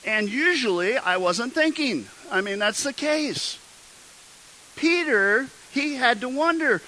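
A man's voice: very high voice, animated, slow pace, pushed and bright, poor audio. A man preaching a sermon, telling a story with jokes and acting out the quotes. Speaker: pastor. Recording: faint hiss.

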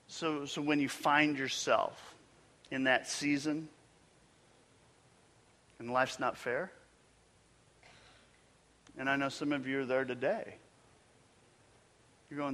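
A male pastor preaching a sermon with emphatic delivery, building to loud peaks and then dropping almost to a whisper. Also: mid-range voice, fairly even intonation, slow pace, long pauses, in a large hall.

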